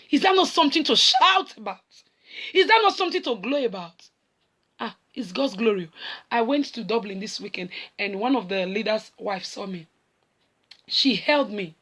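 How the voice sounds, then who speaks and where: Animated Nigerian woman preaching. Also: high-pitched. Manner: animated, mixes Pidgin and English, acts out scripture voices. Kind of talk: sermon.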